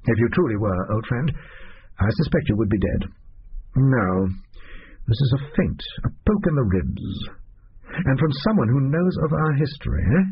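A man voicing a sharp, cool-headed middle-aged detective who speaks in a clipped, measured way. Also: mid-range voice, sing-song, slightly rough, heavily acted. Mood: calm, wry. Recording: dull lo-fi recording.

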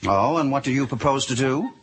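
A man's voice: medium pitch, animated, fairly quick, natural voice. An earnest middle-aged drama teacher in a cartoon, voiced by a man, eager and a little preachy. His voice swings up and down as he explains things. A noticeable hiss sits underneath. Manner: enthusiastic, lecturing.

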